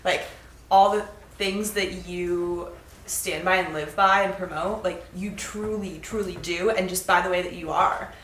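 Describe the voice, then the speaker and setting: A woman's voice: fairly low pitch, fairly even intonation, unhurried, a bit bright. Woman, sincere birthday tribute; echoey, faint noise. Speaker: friend presenting a cake. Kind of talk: heartfelt casual chat. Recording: echoey room, far mic.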